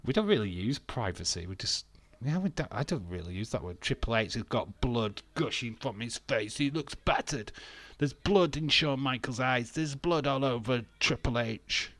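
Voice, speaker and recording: A man's voice: medium pitch, expressive, normal speed, few pauses, fairly bright tone, no echo. A British man hosting a casual live watch-along, bantering and reading chat comments aloud with frequent laughs. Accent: British English. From England.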